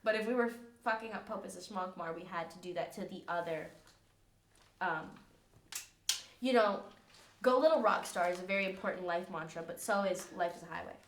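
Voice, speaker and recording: A young woman co-hosting a podcast, telling stories in quick, slangy casual chat and often breaking into giggles. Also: on the low side, a little hiss or hum. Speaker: podcast co-host. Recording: echoey room.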